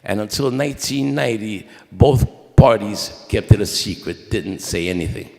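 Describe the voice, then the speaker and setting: A man telling his family's history at a memorial mass, in a conversational, halting way with many restarts and quoted dialogue. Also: fairly low pitch, animated, vocal fry, a little mellow, long reverb tail. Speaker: eulogy speaker at a memorial mass. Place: church.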